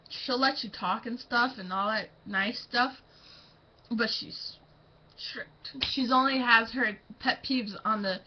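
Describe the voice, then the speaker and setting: Giggly teen girl, dull lo-fi audio. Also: a little high. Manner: rambling, giggly, lots of fillers. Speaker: student vlogger. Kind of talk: casual storytelling.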